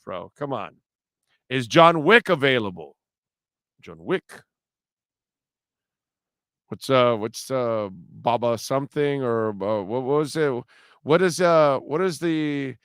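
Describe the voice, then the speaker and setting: A man's voice: medium pitch, clear, resonant tone, no room sound, clean studio sound. A man hosting a sports talk show, talking casually and animatedly, often restarting his sentences. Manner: animated, laughing, rambling with restarts. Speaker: sports radio host.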